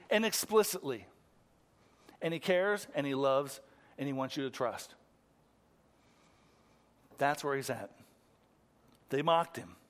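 A man preaching a sermon in a church, swinging from excited emphasis to hushed intensity. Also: sits high. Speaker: pastor. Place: church room.

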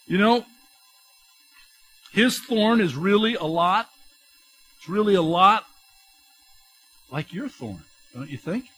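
A middle-aged man preaching a sermon, talking to the congregation in an animated, conversational way with emphatic rises and quick restarts. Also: high voice, faint music behind. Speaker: pastor.

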